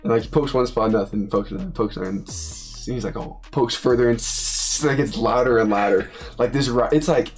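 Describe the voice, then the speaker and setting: Young male athlete, animated storyteller who acts out dialogue, faint music bed. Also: mid-range voice, a little fast, few pauses. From Utah. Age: young adult. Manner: animated, acts out quoted voices, laughs often. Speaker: college football player, podcast co-host. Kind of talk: casual storytelling chat.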